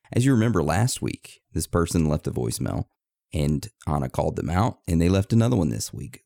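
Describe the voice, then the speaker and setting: A man's voice: low voice, gravelly, dark tone, no room sound, clean studio sound. A man co-hosting a casual podcast, laid-back and jokey as he introduces listener voicemails. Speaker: podcast co-host.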